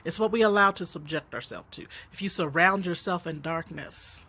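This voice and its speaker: A woman's voice: on the low side, normal speed, sharp tone. A woman author and counselor giving an unscripted, earnest motivational talk, preaching and telling stories with dialogue.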